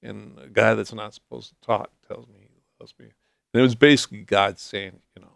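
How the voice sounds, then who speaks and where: A man with a low, heavily gravelly voice shares his story as a guest, speaking softly and haltingly with small restarts. The sound is dry and close, with no room around it. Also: steady tone, no room sound. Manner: halting, soft-spoken testimony with restarts. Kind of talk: personal storytelling interview.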